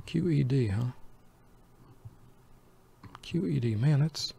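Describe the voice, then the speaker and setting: An older man giving easygoing, slow gameplay commentary meant to help people fall asleep, muttering to himself and bantering with an imagined buddy. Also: mid-range voice, expressive, gravelly, warm tone, slight background noise. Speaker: let's play host.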